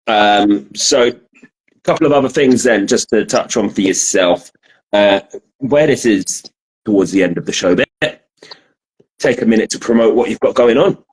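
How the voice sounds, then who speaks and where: Low-voiced podcast host. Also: male voice, normal speed, husky, poor audio. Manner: laid-back, sweary. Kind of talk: casual chat.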